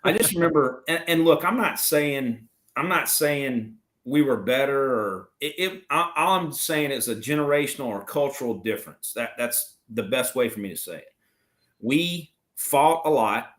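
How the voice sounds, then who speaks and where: A man's voice: medium pitch, lively intonation, normal speed, fairly bright tone. Blunt, profane middle-aged man. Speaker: interview guest, retired Marine officer. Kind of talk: casual storytelling chat.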